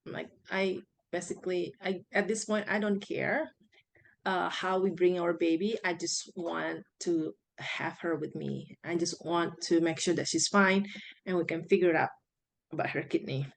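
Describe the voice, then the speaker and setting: A woman's voice: lowish voice, fairly even intonation, normal speed, gravelly, a little hiss or hum. Woman telling a story. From Indonesia. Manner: rambling, many fillers and restarts. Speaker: guest sharing her birth story. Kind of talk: casual personal storytelling.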